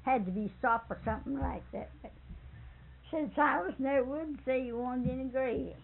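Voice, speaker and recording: Older woman with a gravelly voice. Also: sits high, moderate pace. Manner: chuckling, rambling storyteller with dialect speech. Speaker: interviewee. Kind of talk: folksy storytelling. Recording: tinny phone-like recording with faint hiss.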